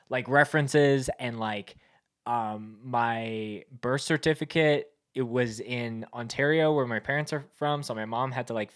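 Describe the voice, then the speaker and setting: A man's voice: medium pitch, smooth. A man from Canada chatting casually as a podcast host. He rambles through his stories, packing them with fillers and little laughs. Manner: rambling, filler-heavy storytelling with frequent laughs. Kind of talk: casual chat.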